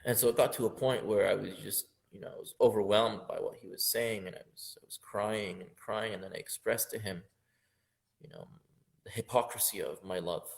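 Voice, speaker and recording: A man with a lowish voice and vocal fry teaches a religious lesson on a poem, talking fairly quickly. He speaks with passion, building to loud, emphatic peaks and sometimes half-singing verses.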